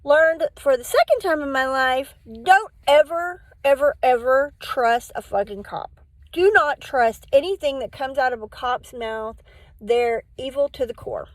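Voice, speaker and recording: A woman's voice: high voice, expressive, measured pace, dry recording, rough recording. A middle-aged woman telling a personal story to camera, candid and rambling, acting out what people said. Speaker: vlogger.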